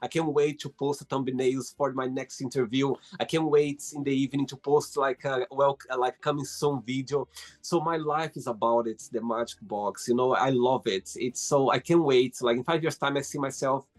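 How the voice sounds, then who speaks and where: A man's voice: medium pitch, steady tone, normal speed. A man with a Brazilian accent, a native Portuguese speaker, hosting a casual video-call interview, enthusiastic and talkative, laughing often. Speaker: host.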